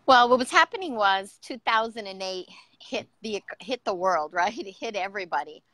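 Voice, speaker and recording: Bright-voiced middle-aged woman telling her story. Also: mid-range voice, lively intonation, moderate pace, no room sound. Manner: earnest and emotional, many fillers. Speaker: guest entrepreneur. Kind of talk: personal story in an interview.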